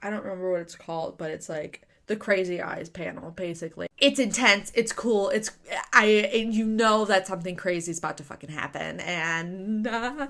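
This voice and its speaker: A young adult woman giving a casual spoken review, chatty and excitable, with lots of fillers and rhetorical questions. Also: fairly high pitch. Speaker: manga reviewer.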